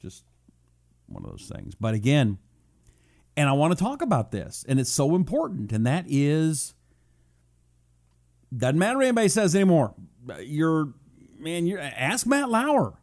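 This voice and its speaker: A man hosting a live talk show, reading out viewer check-ins between quick jokes and asides. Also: fairly high pitch, big pitch swings, a little mellow. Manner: jokey, breezy, quick asides. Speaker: radio talk show host.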